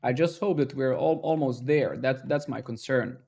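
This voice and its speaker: Coding live, this man talks casually to himself and his audience in a gravelly, mid-range voice at normal speed. He swears now and then and breaks into excitable outbursts whenever something works.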